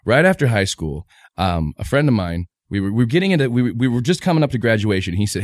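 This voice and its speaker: A man's voice: fairly low pitch, fast, dry recording, studio quality. A man rambling through a story. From Utah, USA. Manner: rambling, animated storyteller with many restarts. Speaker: guest comedian. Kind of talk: casual podcast chat, storytelling.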